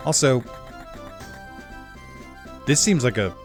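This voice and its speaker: A man's voice: mid-range voice, lively intonation, slow pace, music in the background. A man giving casual, rambling live-stream commentary while playing, chatting with viewers and correcting himself often. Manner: rambling, filler-heavy and self-correcting, chats with viewers.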